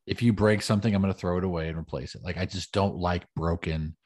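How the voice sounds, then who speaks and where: A man's voice: sits low, steady tone, quick pace, darkish tone. A man co-hosting a casual podcast chat, talking loosely with lots of fillers and restarts. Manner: chatty, many fillers and restarts. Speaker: podcast co-host.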